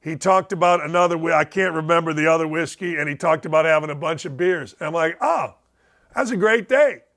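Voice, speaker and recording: A man hosting a sports talk show, telling rambling stories with excitement and repeating himself. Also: on the high side, fast talker, hardly any pauses.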